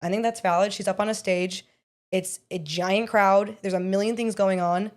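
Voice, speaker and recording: A young woman co-hosts a casual podcast in a chatty, easygoing way. She tells stories in an animated, conversational style with plenty of energy. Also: medium pitch, normal speed. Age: young adult. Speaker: podcast co-host. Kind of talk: casual political podcast chat.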